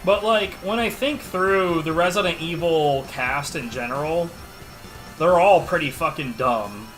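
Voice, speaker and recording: A man's voice: on the high side, unhurried, a bit bright. A man streaming a game, chatting casually and answering viewers' questions in an offhand, sarcastic way. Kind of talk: casual livestream chat while gaming. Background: game music.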